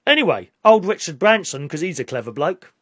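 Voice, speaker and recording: A man's voice: high voice, sing-song, brisk, a bit bright, breathy edge, no echo, studio quality. A man with a British accent talking casually to camera in a rambling, opinionated way, now and then rising to indignant outbursts. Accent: British English. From Britain. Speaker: vlogger.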